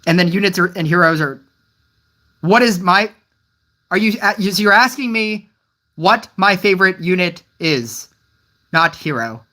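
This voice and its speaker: A game streamer talks live to the chat in a loose, rambling way, often restarting sentences. The voice sits at a middling pitch, puzzled and wryly teasing the viewers. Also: expressive, moderate pace, pauses often. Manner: wry, gently teasing the chat.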